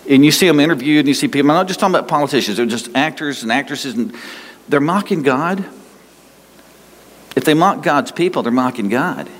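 A man's voice: fairly high pitch, expressive, fairly quick. A man preaching a sermon as pastor, emphatic and folksy, repeating himself and talking straight to his listeners. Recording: long hall reverb.

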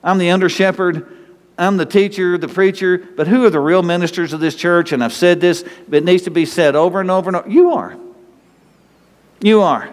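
A man with a North Texas accent, a pastor giving a lively, conversational sermon full of rhetorical questions. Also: high-pitched, a little fast, big-room sound.

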